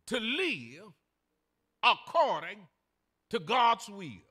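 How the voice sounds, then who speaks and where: An older male pastor, preaching a sermon in a folksy storytelling manner that builds to shouted emphasis. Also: high voice, very animated, measured pace, long pauses.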